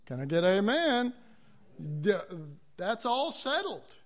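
A man's voice: very high-pitched, sing-song, slow. A man preaching a sermon, acting out quoted voices and calling for amens from the congregation.

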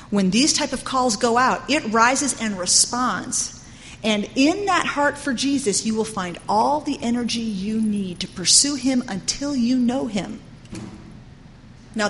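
A woman's voice: fairly high pitch, a little hiss or hum. A middle-aged woman teaching a sermon in an earnest, conversational way, often saying "you know". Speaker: Bible teacher. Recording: long hall reverb with faint ambience.

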